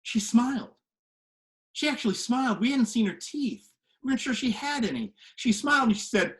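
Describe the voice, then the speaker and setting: A man telling a story to the camera from his home kitchen, animated and swinging from hushed to loud. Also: very high-pitched, moderate pace. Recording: echoey kitchen room.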